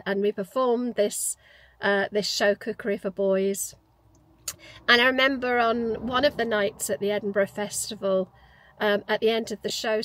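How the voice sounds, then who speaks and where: A woman's voice: on the high side, no room sound, rough recording. Chatty woman in her fifties. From Newcastle, England. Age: 50s. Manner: reflective, chatty, many restarts and fillers. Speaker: vlogger. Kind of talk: casual personal storytelling.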